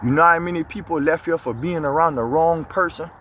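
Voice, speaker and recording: A man preaches into his phone from inside a vehicle. He speaks in a with a high-pitched voice. He fires off blunt, scolding rhetorical questions. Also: brisk, a bit bright, slight background noise. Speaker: inspirational speaker. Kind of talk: motivational preaching monologue.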